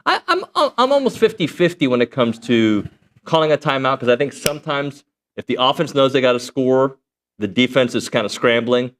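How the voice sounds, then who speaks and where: Male sports show host, mid-pitched, chatty and loose. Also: sing-song, normal speed, fairly bright tone, a little hiss or hum. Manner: chatty, rambling with fillers. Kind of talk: casual sports talk.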